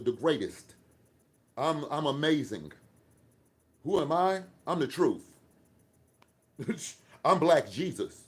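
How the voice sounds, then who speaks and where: A man rants on a live stream, firing back at chat comments. He talks in brash, profane, boastful trash talk. His voice sits at an ordinary middle pitch for a man. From Atlanta, USA. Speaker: livestream host.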